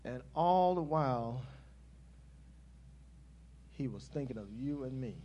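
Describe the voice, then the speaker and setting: A man preaching a sermon in an emphatic, repetitive call-and-response style, building in intensity and then softening. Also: medium pitch, lively intonation, slow pace, breathy edge, dull audio.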